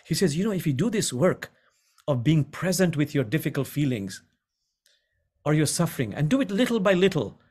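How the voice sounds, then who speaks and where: A middle-aged man, an imam, giving a gentle contemplative teaching over a video call and repeating key lines slowly for emphasis. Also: on the high side, very animated.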